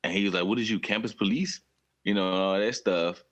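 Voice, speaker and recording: A man co-hosting a podcast who chats casually, laughs as he talks, and pitches his voice up when he jokes. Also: brisk, fairly bright tone. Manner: laughs while talking, voice goes high when joking. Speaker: podcast co-host. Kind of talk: casual chat. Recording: dull lo-fi audio.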